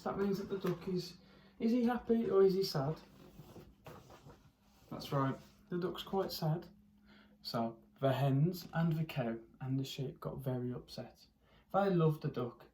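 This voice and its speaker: A primary school teacher reads a picture book to young children at a middle pitch, with a faint hiss in the background. The teacher stops often to ask the children questions and gives the characters and animals expressive voices.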